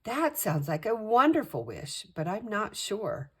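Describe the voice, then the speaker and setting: A woman's voice: measured pace, breathy edge, heavily acted. An older woman voicing a timid female wish-granting spirit who frets nervously. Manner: nervous, fretful, high and excited.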